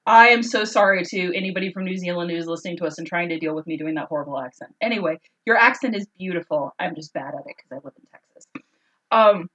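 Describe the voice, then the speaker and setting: A woman's voice: on the low side, fast, a bit bright, dull audio. A woman co-hosting a casual podcast, retelling an old story in a chatty, joking way. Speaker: podcast co-host.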